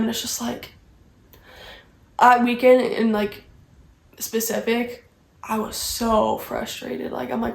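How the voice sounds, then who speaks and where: A young woman vlogger chats through a story in a high voice, rambling and leaning on "like" between phrases. The room around her is echoey. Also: slow pace, vocal fry, pauses often, darkish tone. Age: young adult. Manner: rambling, heavy use of "like". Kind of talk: casual storytime chat.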